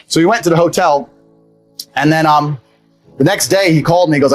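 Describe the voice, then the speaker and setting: Fast-talking, blunt man telling a story. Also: on the high side, soft background music, low-quality recording. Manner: blunt, profane, rambling anecdotes. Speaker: guest. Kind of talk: storytelling in a podcast interview.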